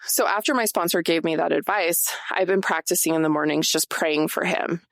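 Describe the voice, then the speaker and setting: A woman in her forties hosts her own show and talks straight to listeners in a casual, confessional way. Her voice sits low with a gravelly fry. The sound is close and dry, with no room around it. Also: fairly quick, no echo. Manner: chatty, many "like" fillers, confessional. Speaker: podcast host. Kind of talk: casual personal talk to listeners.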